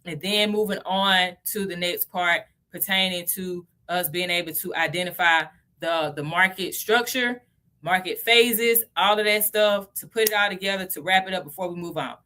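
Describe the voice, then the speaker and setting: A woman's voice: on the low side, normal speed, sharp tone. A Southern woman from Tennessee, around her thirties, hosting a casual crypto livestream, chatty and often checking in with "okay?" and "y'all".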